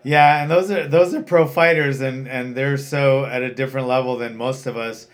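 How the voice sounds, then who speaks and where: A man's voice: mid-range voice, fairly even intonation, moderate pace. A man who runs a fight gym and coaches fighters, talking bluntly and swearing freely in casual chat.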